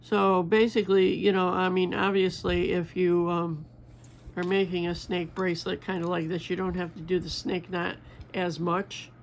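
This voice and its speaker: Beading a bracelet on camera, an older female crafting vlogger rambles casually, full of fillers and restarts. She speaks at normal speed in a lowish voice with little pitch movement, over faint background noise.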